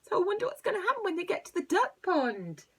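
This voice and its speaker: A teacher reading a picture book aloud to young children. She plays up the animal noises and drops into hushed asides between the lines. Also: very high voice, huge pitch swings, fast.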